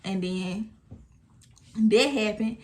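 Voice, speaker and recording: A young woman, telling a storytime vlog in a casual, animated way, acting out what people said. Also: medium pitch, very slow. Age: 20s. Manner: animated retelling, acting out quotes, frequent swearing. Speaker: storytime vlogger.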